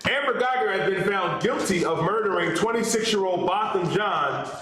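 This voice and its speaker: Guy with a high voice reading news out steady, calls the host sir, very echoey room. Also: normal speed, crowd noise. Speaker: reader of news items for the host. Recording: very echoey room with faint noise.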